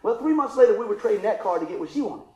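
A man's voice: sits high, expressive, very fast, warm tone. Man, middle-aged, sermon, folksy storytelling, call-and-response, echoey room. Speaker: pastor.

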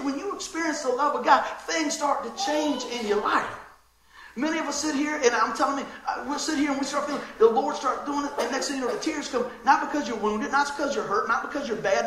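A man preaching a sermon as pastor, lively and often laughing as he acts out little scenes. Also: very high-pitched, background noise. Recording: roomy echoing hall sound.

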